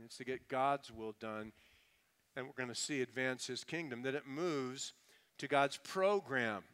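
A man's voice: mid-range voice, fairly bright tone, clear, resonant tone. A man preaching a sermon in a conversational, humorous way, mocking pompous prayer voices before turning earnest. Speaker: pastor.

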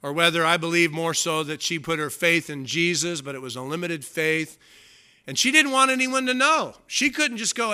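A man preaching a Sunday sermon with a sharp, piercing tone and a slightly high voice. He talks in a folksy, conversational way, and his delivery swings between loud emphasis and hushed, low passages. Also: animated, moderate pace, clear, resonant tone. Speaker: pastor.

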